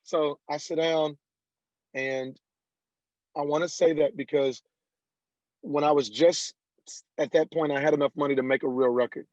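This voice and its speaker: A man, a country singer guest on an interview podcast, telling stories lively and acting out the people he quotes. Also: fairly high pitch, normal speed, pauses often, no room sound. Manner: animated storyteller who acts out quoted dialogue. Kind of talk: casual interview storytelling. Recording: dull lo-fi dry sound.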